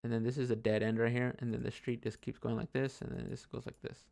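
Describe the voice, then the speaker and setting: He talks fast in a dark, gravelly, medium-pitched voice with little pitch movement. Playing a computer game, he wanders through a personal story, cursing often and starting sentences over amid plenty of fillers.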